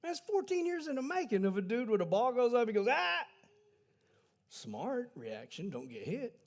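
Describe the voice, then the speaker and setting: A man's voice: extremely high pitch, very animated, fairly quick, a little mellow. A man preaching a sermon in a folksy, conversational storytelling way, correcting himself as he goes. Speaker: pastor. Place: church livestream.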